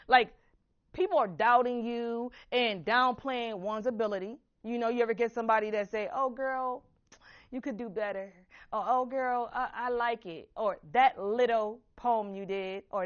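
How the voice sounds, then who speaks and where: Animated woman hosting a motivational show. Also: on the high side, lo-fi sound. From Buffalo, New York. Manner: animated, preachy, with frequent "baby" and "okay". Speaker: host. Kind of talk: motivational talk show monologue.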